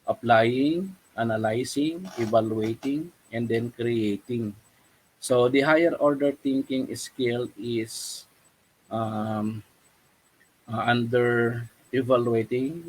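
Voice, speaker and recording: A man giving an online webinar lecture, speaking haltingly with many fillers and tag questions over a video call. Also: mid-range voice, a little mellow, husky, low-quality recording. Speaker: webinar presenter.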